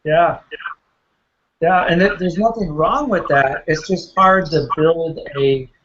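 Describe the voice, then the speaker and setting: A man's voice: fairly high pitch, takes it slowly, fairly bright tone, lo-fi sound, slight background noise. Chatty man coaching realtors. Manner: chatty, repeats words, tells anecdotes. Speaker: real estate coach. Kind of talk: casual Q&A with a listener.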